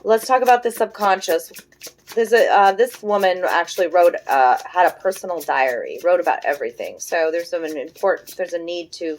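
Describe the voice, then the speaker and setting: A woman in her forties giving a casual tarot reading, thinking aloud in a soft, musing way with frequent fillers. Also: on the low side, a little hiss or hum, low-quality recording. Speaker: tarot reader.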